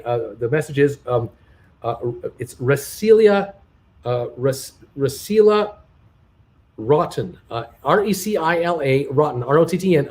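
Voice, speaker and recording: A man's voice: mid-range voice, darkish tone. An older man hosting a live stock market stream, flustered and muttering to himself as he hunts for a message, thanking donors in a casual chat. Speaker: stock market livestream host.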